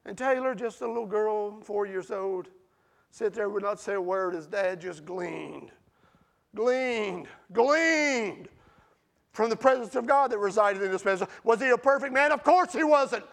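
A man preaching a sermon with passion, swinging between loud outbursts and hushed storytelling. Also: high voice, a little fast.

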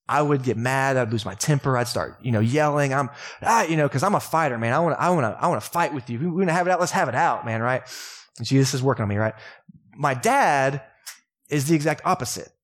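A young adult man with a Texan accent, preaching a sermon as pastor in a relaxed, joking, conversational way. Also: medium pitch. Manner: casual, joking, conversational preaching with laughs and asides. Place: church sanctuary.

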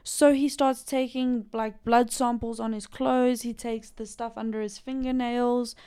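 A woman's voice: fairly high pitch, level tone, a little slow, warm tone, clean tone, no echo, studio quality. A young South African woman narrating a true-crime case in a casual, chatty podcast style with lots of asides. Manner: chatty, filler-heavy storytelling with asides.

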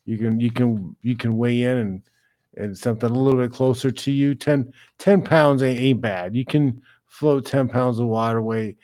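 A man's voice: medium pitch, steady tone, moderate pace, dark tone. A man hosting a livestream, ranting bluntly and casually between reading chat messages. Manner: blunt, ranting, swears freely.

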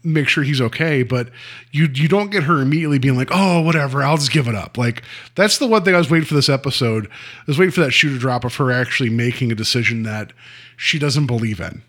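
A man co-hosting a casual podcast, talking in an animated, sarcastic way and laughing often. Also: mid-range voice, fast. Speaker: podcast co-host.

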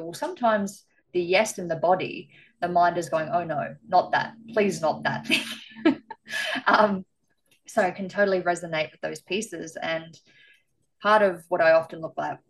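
A woman's voice: deep voice, a little hiss or hum, poor audio. A woman hosting a podcast interview, speaking in an effusive, spiritual way. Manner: warm, effusive, spiritual phrasing. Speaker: podcast host. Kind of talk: interview conversation.

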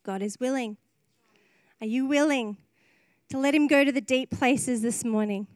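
An earnest woman preaching a heartfelt sermon, her voice sitting a little high. She talks openly and emotionally, often breaking into laughter between phrases. The sound is dry and close, with little room echo. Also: moderate pace. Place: church service.

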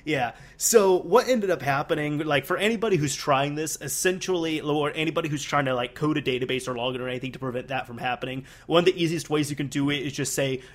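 A young man in casual chat, an animated storyteller who laughs often and uses many fillers. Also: on the high side, quick pace, hardly any pauses.

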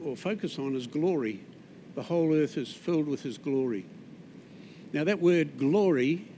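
A man with a New Zealand accent preaching a sermon in a conversational way, with asides and restarts, often dropping soft on key words. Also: on the high side, a little hiss or hum.

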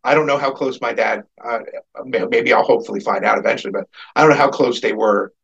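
A man's voice: medium pitch, fast talker, gravelly, a bit bright, breathy edge, highs cut off. A man on a casual podcast, telling a long personal story in a rambling, profane way and livening up when he quotes people. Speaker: podcast co-host.

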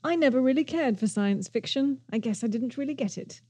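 A woman co-hosting a casual chat, playful and quick to laugh. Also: high-pitched, mellow, breathy edge. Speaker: podcast co-host.

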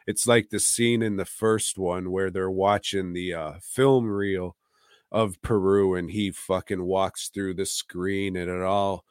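A man with a lowish voice talks slowly and loosely on a podcast, rambling through movie opinions with lots of swearing and chuckles. The sound is close and dry, with no room around it. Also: smooth, dry recording. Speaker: podcast co-host. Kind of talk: casual movie chat.

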